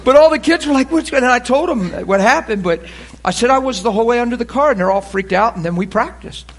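A pastor telling a story from the pulpit in an animated way, dropping quiet and then laughing and shouting. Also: male voice, very high-pitched, quick pace, background noise. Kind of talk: storytelling sermon. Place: church sanctuary pulpit.

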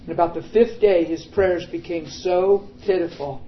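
A man's voice: high voice, normal speed, lo-fi sound, a little hiss or hum. Dramatic storytelling preacher man. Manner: dramatic storytelling that swings from hushed to emphatic. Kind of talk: storytelling sermon.

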